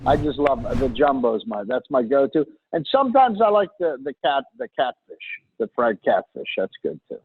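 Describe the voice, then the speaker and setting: A man's voice: mid-range voice, very animated, moderate pace, slightly rough, no echo. A middle-aged man with a Pittsburgh accent, co-hosting in casual chat and joking while rambling with restarts. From Pittsburgh, USA. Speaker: co-host. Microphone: remote video call. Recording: phone-line audio.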